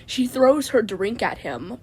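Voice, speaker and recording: A woman's voice: fairly high pitch, sing-song, slow, slightly rough. Rambling woman telling a story from her car. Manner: rambling, stammering, constantly adds "man". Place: inside a parked car.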